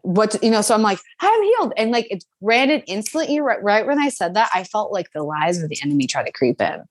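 A young woman telling her personal faith testimony in an interview, animated and full of fillers, acting out what others said. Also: medium pitch, a little fast, no room sound. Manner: animated storytelling, acts out quotes, many fillers. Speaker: guest.

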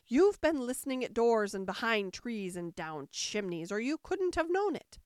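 Picture a haughty, easily offended egg of a man perched on his wall, as a woman reader puts him on, drawing out every word with lofty scorn. His voice rises and falls in big swoops of self-importance, and it sits dry and close with no room around it. It is a storybook voice, loud with pride. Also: a little high, big pitch swings, no room sound. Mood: indignant. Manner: haughty, slow and emphatic, scornful. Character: pompous touchy male egg creature perched on a wall. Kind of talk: storybook reading.

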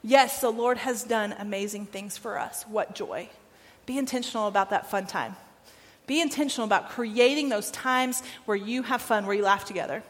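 A woman with a medium-pitched voice preaches a sermon at a normal pace in a church sanctuary, where a long reverb tail trails her words. She's conversational yet emphatic, repeating phrases and checking in with the congregation.

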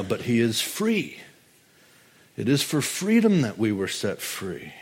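A man's voice: lowish voice, a little mellow, slightly rough. A male pastor preaching a sermon in a conversational, humorous storytelling manner.

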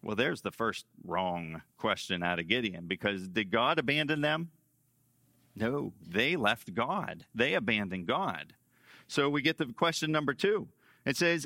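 A male pastor preaching a sermon emphatically, repeating key phrases and swinging between loud stresses and hushed lines. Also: mid-range voice, expressive, measured pace, no room sound.

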